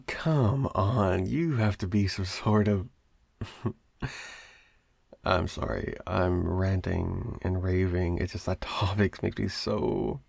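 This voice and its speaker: A man's voice: lowish voice, creaky, darkish tone, slightly rough, no echo, heavily acted. A young man voicing a clingy, obsessive male roommate in an improvised audio roleplay, rambling and stammering with nervous laughs.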